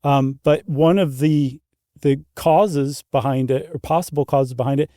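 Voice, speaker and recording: A man's voice: medium pitch, fairly even intonation, measured pace, dark tone, dry recording, studio quality. A middle-aged man co-hosting a podcast, explaining in a chatty way with many fillers. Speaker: podcast co-host. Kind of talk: casual chat.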